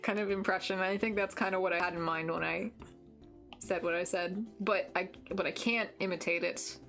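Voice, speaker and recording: A woman's voice: lowish voice, fairly even intonation, normal speed, a bit bright, faint music behind. A young adult woman streaming from home, chatting casually with her viewers in a teasing, giggly way and swearing casually. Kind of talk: casual live-stream chat. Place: home with green screen.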